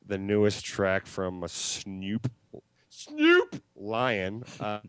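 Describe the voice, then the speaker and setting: A man co-hosting a casual comedy chat show, rambling and halting with fillers as he calls in from home. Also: fairly low pitch, wildly swooping pitch, a bit bright, smooth, no echo. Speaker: podcast co-host. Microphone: home mic over a call link.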